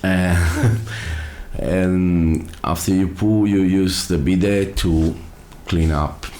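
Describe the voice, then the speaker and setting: A man's voice: deep voice, steady tone, extremely slow, warm tone. An Italian-accented man hosting a reaction video, speaking casually and asking incredulous questions. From Italy.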